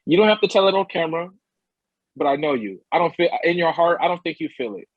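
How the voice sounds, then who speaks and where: An insistent man co-hosting a sports podcast makes his case firmly in an average-pitched voice. The sound is dry and slightly muffled. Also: quick pace, no room sound. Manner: emphatic, insistent. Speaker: podcast co-host. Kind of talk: casual sports podcast chat.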